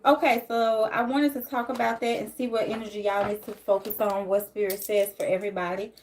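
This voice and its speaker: A woman of middle pitch chats loosely to her live viewers as a tarot reader. She talks from home in a relaxed, rambling way. She greets people by name and drifts between thoughts with easy fillers. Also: a little fast, slight background noise. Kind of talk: casual live-stream chat. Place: home, near a closet.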